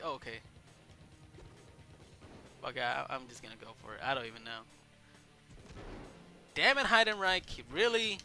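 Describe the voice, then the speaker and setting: A man giving casual let's play commentary over a wrestling game, excitable and swearing, yelling at the game and shouting out moves. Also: medium pitch, unhurried, long pauses, faint music behind. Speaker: gameplay commentator.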